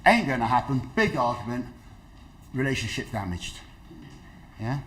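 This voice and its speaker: A middle-aged man with a mid-range voice gives a dementia awareness talk to an audience at a moderate pace. He tells stories in a lively way, acting out the voices of the people in them. There's a little hiss or hum on the recording.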